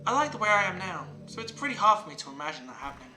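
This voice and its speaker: Reading game dialogue aloud, this streamer takes on the tender lines of a loving teenage girl who leads a club in a visual novel, sounding plain and half-amused. Her natural, medium-pitched voice moves very fast and with great animation. The room is spacious, with game music in the background.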